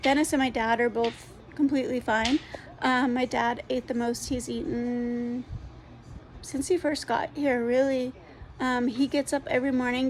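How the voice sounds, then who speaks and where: A woman's voice: on the high side, a little hiss or hum. Congested woman rambling through a rescue update. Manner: rambling, many ums and restarts. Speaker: dog rescue organizer. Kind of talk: casual spoken update to followers.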